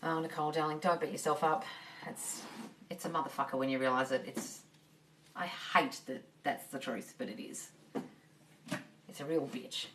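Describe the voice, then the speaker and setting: A manifesting coach goes live on her phone to answer viewer questions, peppering the Q&A with swearing and calling people darling. She speaks low and steady at a normal pace, pausing often, with a fairly bright tone. There's slight background noise, and she's a little way off the mic.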